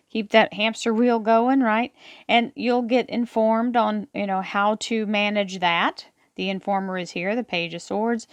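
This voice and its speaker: A woman's voice: mid-range voice, no echo. Woman giving an encouraging tarot reading. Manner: encouraging, reassuring, calls listeners "my darlings". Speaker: tarot reader. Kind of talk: tarot card reading forecast.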